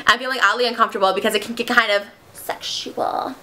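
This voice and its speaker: A woman in her twenties giving a casual movie recap as a vlogger, animated and slipping into character voices and sung bits. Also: on the high side, quick pace. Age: 20s.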